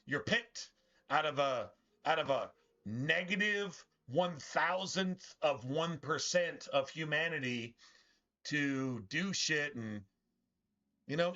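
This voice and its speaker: A fairly high, animated, bright voice with a forceful tone moves at a slow pace through lo-fi sound. The man is streaming a game and ranting casually, bitterly, and profanely, rambling with lots of restarts.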